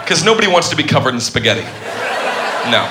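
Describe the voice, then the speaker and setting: A man's voice: fairly high pitch, sing-song, fast. Male stand-up comic, crude, playful, crowd work, roomy club, heavy crowd noise. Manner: crude, silly, riffs with the audience. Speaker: stand-up comedian. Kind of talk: stand-up set. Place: comedy club stage. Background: loud laughing crowd.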